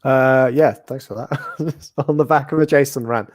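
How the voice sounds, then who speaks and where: A man's voice: mid-range voice, steady tone, unhurried, a little mellow, no room sound. A man co-hosting a fan podcast, making dry jokes in casual chat. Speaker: podcast co-host.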